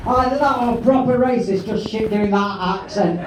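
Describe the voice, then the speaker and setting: A man hosting a stand-up show, teasing the audience in a brash, sweary, shouting way during crowd work. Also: high voice, moderate pace, hardly any pauses. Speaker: comedy host and compere. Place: large comedy auditorium with live audience. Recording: echoey hall, distant mic, crowd noise.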